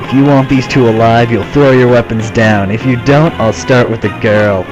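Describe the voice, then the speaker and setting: A man voicing a cruel male bandit chief with a slow, gloating sneer, over game music. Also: medium pitch, steady tone, lightly acted, poor audio.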